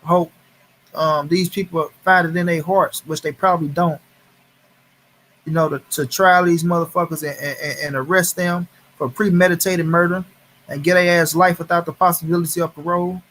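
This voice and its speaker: Man, livestream host, angry, profane, repetitive, slightly higher voice. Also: fairly even intonation, moderate pace, a bit bright, slight background noise. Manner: heated, profane, repeats phrases for emphasis; greets viewers in chat by name. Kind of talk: angry casual livestream commentary.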